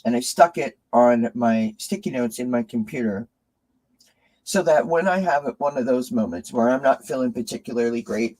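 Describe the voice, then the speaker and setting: A man's voice: mid-range voice, a little mellow, poor audio. A man hosting a live tarot stream, emotionally thanking his viewers and reading their comments. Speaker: tarot reader and channel host.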